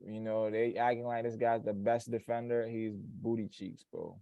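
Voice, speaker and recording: A man's voice: lowish voice, steady tone, moderate pace, creaky, no echo, dull audio. A man on a football podcast panel, bluntly trash-talking players in casual chat.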